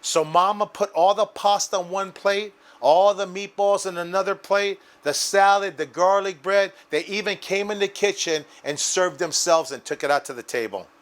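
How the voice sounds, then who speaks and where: A man's voice: sits high, moderate pace, few pauses, a bit bright. A man hosting a home cooking show, walking viewers through a recipe and telling a restaurant story with enthusiasm. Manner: enthusiastic, addresses viewers as guys. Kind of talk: cooking demonstration and anecdote.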